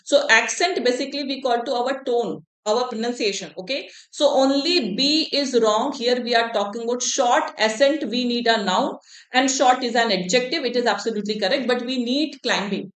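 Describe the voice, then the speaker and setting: A woman's voice: on the high side, normal speed, a bit bright, reverberant. A woman with an Indian accent teaching English in an exam-prep class, switching between English and Hindi and often checking in with the students.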